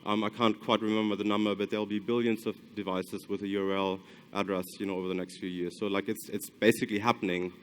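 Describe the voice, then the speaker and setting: A man's voice: fairly low pitch, little pitch movement, fast talker, smooth. A man from Germany with a German accent tinged with Australian, giving a conference talk and often hesitating with ums and restarts. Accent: German with some Australian. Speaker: conference speaker. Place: conference hall.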